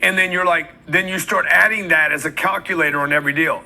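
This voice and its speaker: A man's voice: a little high, steady tone, quick pace, hardly any pauses, pushed and bright, rough recording. A man giving a blunt, emphatic motivational talk on sales, acting out the voices of customers and salespeople as he goes. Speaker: sales trainer.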